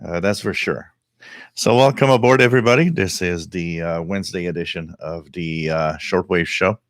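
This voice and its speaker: A middle-aged French Canadian man from Quebec, whose first language is French, hosts a live radio hobby stream, rambling casually with many fillers. His voice is deep and his pace moderate, in studio-quality audio with no echo.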